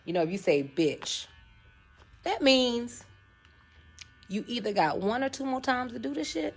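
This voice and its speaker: A young woman hosting a casual live chat, animated and laughing, acting out quotes in shifting voices. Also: fairly high pitch, normal speed. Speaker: host.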